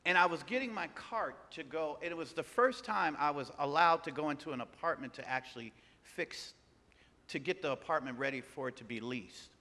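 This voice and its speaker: A man preaching a sermon, telling a personal story with animated delivery and acting out the voices of the people in it. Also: a little high, a little fast. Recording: long hall reverb.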